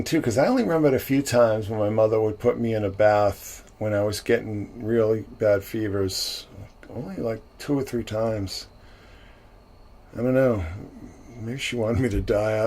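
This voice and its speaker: A man's voice: lowish voice, darkish tone. A man hosting a livestream, recapping a film in a casual, rambling way with many restarts and frequent chuckles. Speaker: livestream host. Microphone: livestream mic.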